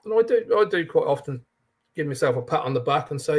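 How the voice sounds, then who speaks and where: A man talks casually as a guest on a livestream and rambles thoughtfully through his points. He often repeats words as he gets going. His pitch sits a little above average. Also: quick pace, darkish tone, husky.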